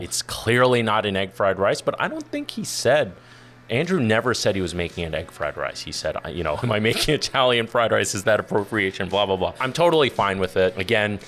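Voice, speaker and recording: A middle-aged man, a chef, giving relaxed, rambling reaction commentary and laughing often. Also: low voice.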